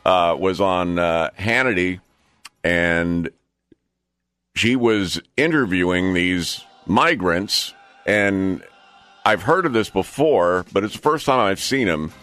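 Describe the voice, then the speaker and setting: A man with a lowish voice co-hosts a talk radio show. He talks in a blunt, opinionated ramble full of "uh" and "you know". Faint music sits under his voice. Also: lively intonation, slow pace, fairly bright tone. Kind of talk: casual talk radio chat.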